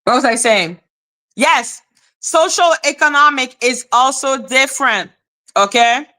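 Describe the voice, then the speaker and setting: A woman hosting a casual livestream chat, animated and casual, checking in with viewers with "okay?", laughing often and swearing casually. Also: high-pitched, unhurried. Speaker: livestream host.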